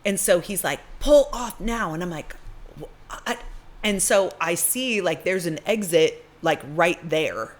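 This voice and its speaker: A woman co-hosting a podcast, telling a story in a casual, animated way and acting out the people in it. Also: lowish voice, measured pace. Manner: animated, acts out voices in her stories. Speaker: podcast co-host.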